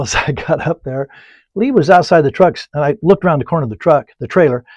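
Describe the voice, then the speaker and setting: Husky man telling folksy painting stories. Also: a little high, fast, no room sound. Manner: rambling anecdotes, drops to soft mutters while painting. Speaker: painting instructor. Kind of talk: folksy storytelling while painting. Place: painting studio.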